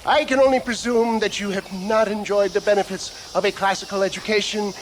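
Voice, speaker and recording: A man's voice: high voice, fairly even intonation, brisk, slight background noise, lightly acted, low-quality recording. A man playing a pompous, fawning con-man salesman. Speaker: character in a video game. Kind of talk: video game cutscene acting.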